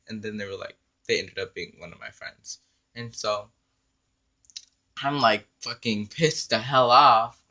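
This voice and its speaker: A man telling an animated, profane story in a storytime vlog, acting out the dialogue. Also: medium pitch, moderate pace. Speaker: vlogger.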